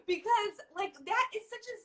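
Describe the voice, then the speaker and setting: Woman host, video call, gushing, excitable, very high and lively voice, bright tone. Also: normal speed. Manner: gushing, excitable, talks up viewer comments. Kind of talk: casual livestream chat.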